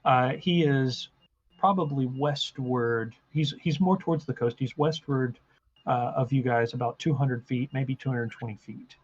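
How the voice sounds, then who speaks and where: A man's voice: medium pitch, measured pace. Guy dming a tabletop game, lots of ums, kinda muffled lo-fi mic. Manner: hesitant, full of ums and restarts. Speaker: game master.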